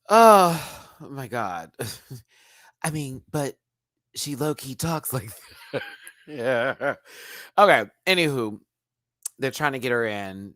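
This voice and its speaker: Animated, laughing male show reviewer. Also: medium pitch, drawn-out words, long pauses, dry recording. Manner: animated, laughing, doing impressions. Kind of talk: live reaction review.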